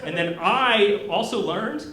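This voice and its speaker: A man's voice: high-pitched, expressive, takes it slowly, heavy background noise. A young man from Kansas doing a stand-up set in a comedy club, awkward and self-deprecating, hesitating with many ums. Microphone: handheld stage mic. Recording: roomy club recording. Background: audience laughter.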